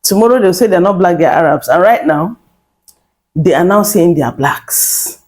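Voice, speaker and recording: A woman's voice: on the low side, animated, normal speed, a little mellow, low-quality recording. A woman hosting a commentary channel, talking straight to her viewers in an emphatic, repetitive and mocking way. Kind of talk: direct-to-camera commentary.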